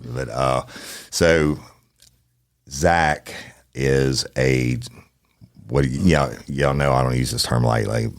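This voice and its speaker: A man's voice: extremely low pitch, steady tone, slow, dry recording. A man hosting a true crime podcast in a studio, talking in a blunt, folksy way and swearing casually. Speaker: podcast host.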